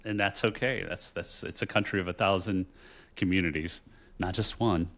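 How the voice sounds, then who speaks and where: A middle-aged man from Texas co-hosts a casual chat in a low voice. He tells family stories in a reflective way and often restarts his sentences as he goes. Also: steady tone, moderate pace. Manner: warm reflective storytelling, many restarts. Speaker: podcast co-host.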